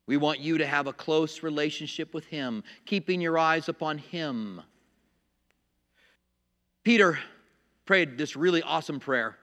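A man preaching a sermon as pastor, animated, acting out little voices and laughing at his own jokes. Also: fairly high pitch, in a large hall.

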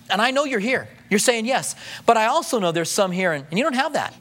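A pastor preaching a sermon in a church, talking in a conversational way with rhetorical questions and dropping to a soft hush when he voices prayers. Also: sits high, animated, brisk, hardly any pauses.

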